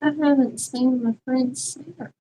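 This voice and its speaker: A woman with a Southern US accent co-hosts a casual beekeeping livestream, chatty and emphatic, often laughing. Her voice is high yet dark in tone, steady and a little slow, and the recording is rough.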